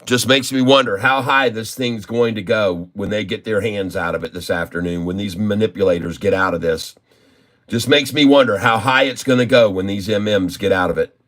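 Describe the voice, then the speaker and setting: A man vlogging his day trading live, grumbling and cursing at his trading software. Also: fairly low pitch, moderate pace. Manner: grumbling, cursing, exasperated muttering. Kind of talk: casual live trading commentary.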